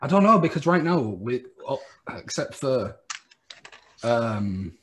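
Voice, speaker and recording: A man co-hosting a wrestling podcast, making blunt, sweary, deadpan predictions in casual chat. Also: medium pitch, slow, a little hiss or hum. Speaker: podcast co-host.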